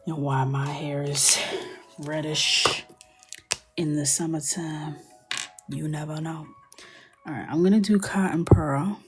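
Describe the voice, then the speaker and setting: A woman hosting a coloring livestream, chatting and joking casually as she works, often dropping into a soft murmur. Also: deep voice, steady tone, slow, long pauses, soft background music. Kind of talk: casual chat while coloring.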